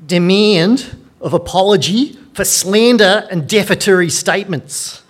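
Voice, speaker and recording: A man doing a mock Australian accent to voice a pompous lawyer reading out a demand letter, loud and exaggerated. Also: high-pitched, unhurried, pitched above the performer's own voice. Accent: put-on Australian.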